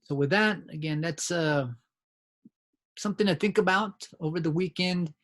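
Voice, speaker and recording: A biology instructor with a fairly high, fairly bright voice works through a recorded review lecture at a moderate pace. He's conversational, regularly asking students "right?" and restarting his phrases.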